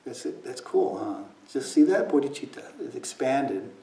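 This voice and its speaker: A man's voice: medium pitch, lively intonation, normal speed, dark tone. Storytelling man in an echoey hall. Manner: storytelling, acts out quoted voices, drops to near whispers. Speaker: meditation teacher. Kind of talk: dharma talk. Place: meditation hall. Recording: echoey room, mic at a distance, faint noise.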